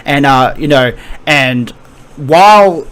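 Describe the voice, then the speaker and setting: A man's voice: medium pitch, lively intonation, slow pace, a bit bright. A man casually reviewing a comic chapter with rambling, hesitant talk and frequent laughter. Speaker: anime and manga reviewer. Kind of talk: casual commentary.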